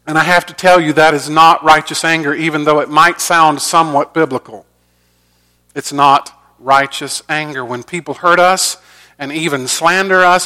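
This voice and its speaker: Preaching with earnest feeling, a middle-aged male pastor speaks in a slightly high voice, trading loud, emphatic lines for soft, quiet ones throughout his sermon.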